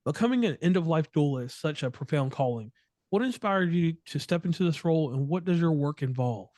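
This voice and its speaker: A man's voice: fairly high pitch, lively intonation, brisk, a little mellow, dry recording, studio quality. A man in his thirties interviewing a guest, chatty and joking, with long rambling questions. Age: 30s. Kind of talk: casual interview.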